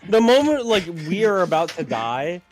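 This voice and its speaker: A young man chatting after a tabletop game, excitable and halting, full of fillers. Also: sits high, faint music behind. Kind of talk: casual post-game chat.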